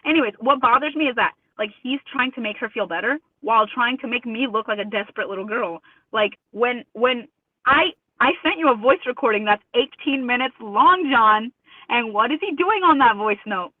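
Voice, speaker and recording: A woman's voice: a little high, animated, moderate pace, no room sound. A woman guest in a remote interview, talking emphatically and indignantly, quoting others with mimicked voices. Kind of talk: remote interview over a call. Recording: tinny phone-line audio, dry.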